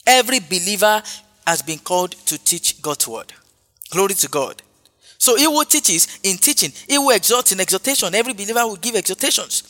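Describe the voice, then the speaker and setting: A man's voice: sits high, lively intonation, a little fast, pushed and bright. A man preaching a sermon, emphatic and repetitive, punctuated with hallelujahs. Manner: emphatic, repeats phrases, frequent hallelujahs. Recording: long hall reverb with faint music.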